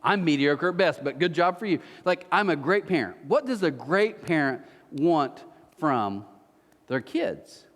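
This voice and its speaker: A man's voice: a little high, a little slow, long reverb tail. A man preaching a sermon as pastor, telling stories with playful asides. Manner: animated storytelling with playful asides. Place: church auditorium.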